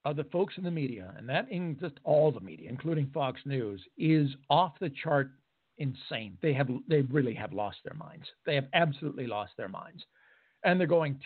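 Animated, high-pitched talk radio man. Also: husky. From United States. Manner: animated, emphatic, sarcastic. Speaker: radio talk show host. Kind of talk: opinion monologue. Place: radio studio. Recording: phone-like narrow band.

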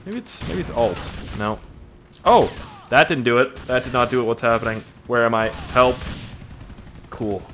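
A man giving casual gameplay commentary, excitable, swearing, laughing and talking to himself as he plays. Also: mid-range voice, normal speed, long pauses, a little hiss or hum. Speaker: let's play gamer.

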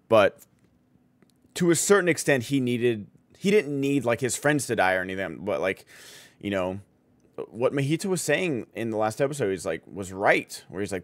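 Enthusiastic low-voiced man rambling. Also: no echo. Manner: enthusiastic, rambling, many fillers. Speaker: streamer. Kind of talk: casual chat.

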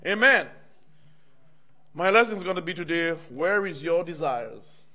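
A man's voice: on the high side, lively intonation, a little slow, sharp tone. A middle-aged male minister preaching in a church, conversational, often calling out "amen" and "y'all" to the congregation. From United States. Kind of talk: personal testimony sermon.

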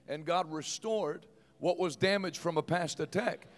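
A man in his forties preaching a sermon as pastor, emphatic and bursting loud in praise. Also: on the high side, a little slow. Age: 40s.

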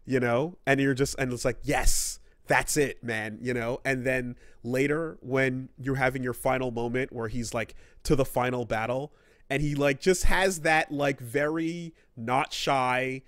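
A man co-hosts a casual gaming podcast, rambling and swearing while acting out quoted characters. His medium-pitched voice is unhurried, fairly even and slightly bright, with studio quality and no room sound.

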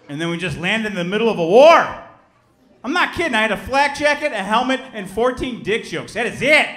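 A man in his thirties from Chicago doing a stand-up comedy set, telling a story with lively acted-out voices and shouted punchlines. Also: high voice, brisk, echoey room. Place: theater stage before a live audience.

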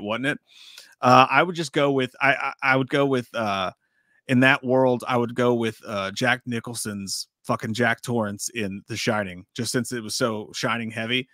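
A man's voice: mid-range voice, normal speed, bright, forceful tone, no echo, studio quality. A man co-hosting a casual livestream, laid-back and jokey, swearing freely. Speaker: livestream co-host.

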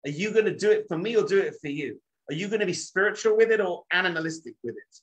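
A man's voice: on the high side, fast, rough recording. Middle-aged male rabbi, dramatic storyteller. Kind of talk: storytelling talk.

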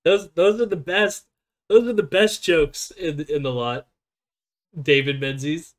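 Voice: medium pitch, steady tone, measured pace. A stream host chatting casually and reacting, rambling with lots of fillers. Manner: rambling, chatty, laughs often.

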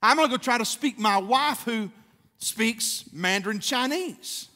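A man's voice: extremely high pitch, lively intonation, a little slow, bright, forceful tone. A man, preaching a conversational sermon as a pastor and acting out quotes with growing fervor. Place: church sanctuary. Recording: long church hall reverb.

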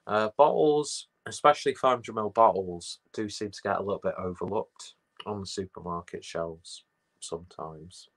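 A man's voice: deep voice, moderate pace, creaky, fairly bright tone. A man chatting casually and rambling on a livestream, swearing and mocking himself as he goes. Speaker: livestream host. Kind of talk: casual chat, reading viewer comments.

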